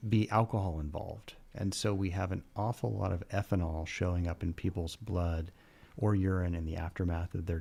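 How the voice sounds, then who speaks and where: A man giving a measured, earnest radio interview as a county coroner, pausing often with "uh". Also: low voice, gravelly, dark tone. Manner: measured and earnest, with frequent "uh" pauses. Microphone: studio microphone.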